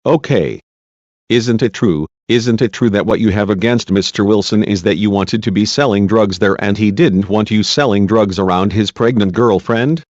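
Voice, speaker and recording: A man's voice: fairly low pitch, normal speed, a little mellow, dry recording, natural voice. A man voicing a persistent female defense lawyer who asks pointed, repeated questions in a deposition. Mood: pressing. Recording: dull lo-fi dry recording.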